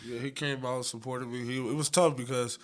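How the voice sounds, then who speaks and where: A man's voice: medium pitch, steady tone, fairly quick. A man in his twenties, a YouTuber, chatting casually with slangy, upbeat hype-man energy. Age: 20s. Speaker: YouTuber guest. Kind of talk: casual chat.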